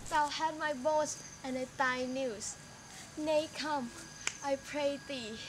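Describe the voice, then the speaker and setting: Woman doing impatient lovestruck young juliet, high voice, slow pleading lines, shakespeare fan film. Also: steady tone, slight background noise. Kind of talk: amateur Shakespeare film acting.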